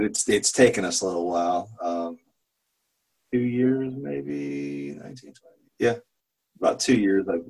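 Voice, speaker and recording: A man with a low, gravelly voice talks openly about his family to a group. A husky edge runs through his candid, halting account. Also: rough recording. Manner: candid, with many restarts and laughs. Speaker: program participant and father. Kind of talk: personal sharing in a group talk.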